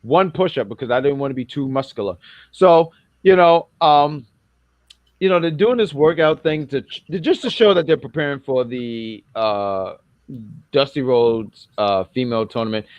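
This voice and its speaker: A man's voice: medium pitch, moderate pace, no room sound, dull audio. A man from New York co-hosting a casual wrestling review podcast, rambling and self-correcting as he jokes around.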